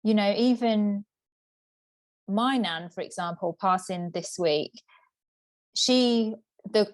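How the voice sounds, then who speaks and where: A woman's voice: mid-range voice, takes it slowly. A woman co-hosting a casual podcast chat, candid and chatty. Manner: candid and chatty, laughing between thoughts. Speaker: podcast co-host.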